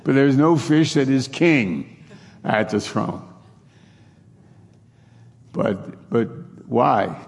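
A man's voice: mid-range voice, animated, extremely slow, creaky, long pauses, long reverb tail. A man preaching a sermon in a fervent, repetitive cadence.

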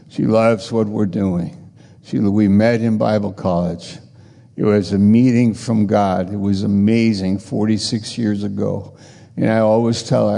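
Gravelly old preacher guy in his 60s, slow and earnest, lots of hall echo. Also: on the low side, dark tone. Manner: earnest, conversational, repeats phrases. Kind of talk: sermon with personal testimony. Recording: long reverb of a large hall.

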